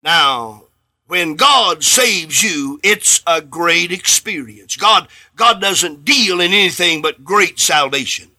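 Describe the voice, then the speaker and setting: A man preaching a radio sermon, swinging between loud, emphatic swells and hushed, quiet passages, and acting out short exchanges of dialogue. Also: fairly high pitch, animated, slow. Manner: acts out bits of dialogue in his sermon.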